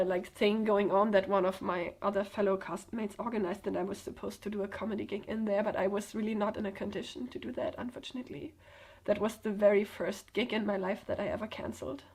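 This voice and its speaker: A woman's voice: medium pitch, fairly even intonation. Hesitant young woman telling a painful story. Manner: hesitant, halting, many fillers and restarts. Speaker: vlogger. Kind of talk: personal testimony to camera.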